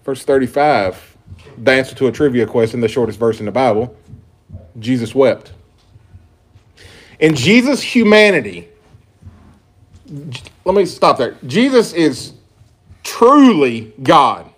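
A pastor preaching an earnest sermon, reading scripture aloud with emphatic stresses. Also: male voice, medium pitch, big pitch swings, measured pace, long pauses.

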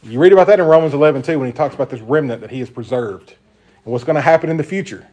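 A man's voice: a little high, very fast, a little mellow. Een man met een Zuidelijk Amerikaans die een informele Bijbelstudie leidt, praat en legt met nadruk uit en stelt zijn groep vragen. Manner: conversational, emphatic, asks the group questions. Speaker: Bible teacher. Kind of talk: informal Bible study teaching.

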